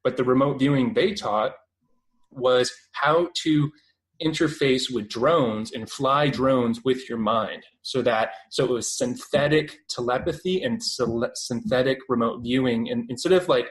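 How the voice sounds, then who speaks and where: A man's voice: mid-range voice, unhurried, poor audio. A Canadian man in his twenties talks as an interview guest. His voice sits mid-range, and he rambles casually, filling gaps with "um" and "like" and often restarting his sentences. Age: 20s. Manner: rambling, many fillers and restarts.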